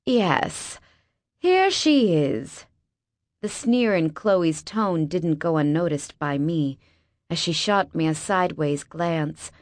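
A woman's voice: low-pitched, measured pace, no room sound. A woman narrating a first-person novel with wry, sarcastic asides, on a close mic. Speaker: audiobook narrator.

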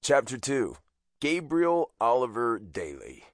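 A man narrating a first-person audiobook in a wry, expressive way, on a close studio mic. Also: mid-range voice, takes it slowly, no echo.

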